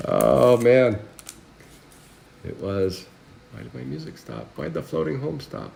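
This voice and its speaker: A man's voice: medium pitch, very animated, normal speed, creaky, warm tone, slight background noise. A married man casually hosting a live trading card break, rambling and chatting with viewers by name while listing cards. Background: music.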